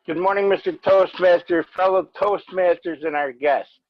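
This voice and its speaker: A man's voice: high-pitched, normal speed, muffled recording. A man giving a report at an online speaking club meeting, greeting everyone formally and speaking directly. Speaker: meeting evaluator.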